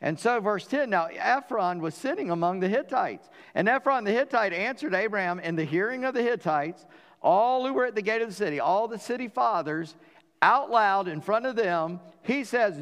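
A man with a Southern US accent preaching a sermon, animated and acting out the dialogue in voices. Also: sits high, moderate pace, big-room sound. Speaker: pastor.

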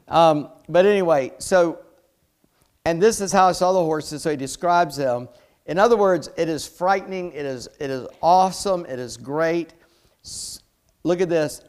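Chatty male preacher, slightly high voice. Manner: conversational, chatty asides and jokes. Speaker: pastor. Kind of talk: sermon.

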